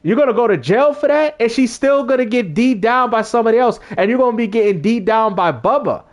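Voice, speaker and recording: Animated high-voiced man telling a story. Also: fairly quick. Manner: animated, slangy, acts out quotes with big pitch jumps. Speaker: gaming streamer. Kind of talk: casual storytelling to a stream.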